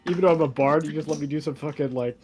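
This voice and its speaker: Fast-talking young man recapping a game. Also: a little high, music in the background. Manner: rapid, excited recounting with swearing. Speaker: tabletop game player. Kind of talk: casual post-game chat.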